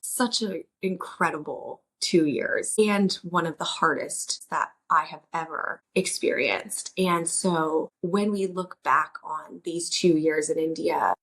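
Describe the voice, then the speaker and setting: Woman, 30s, podcast host; low husky voice, rambling reflective delivery with restarts. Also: fairly bright tone. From United States. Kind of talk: reflective solo podcast monologue.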